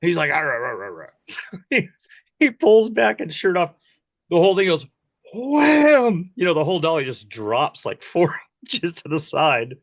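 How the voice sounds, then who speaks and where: A man hosting an interview, telling a lively story from a film set and laughing often as he talks. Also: fairly high pitch, moderate pace, creaky. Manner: animated, laughs often while telling stories. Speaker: podcast host.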